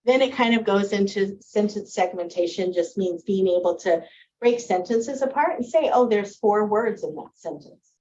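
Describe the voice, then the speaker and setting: A woman's voice: medium pitch, expressive, moderate pace, warm tone, muffled recording, a little hiss or hum. A woman teacher giving a presentation to parents on early reading, explaining with friendly spoken examples.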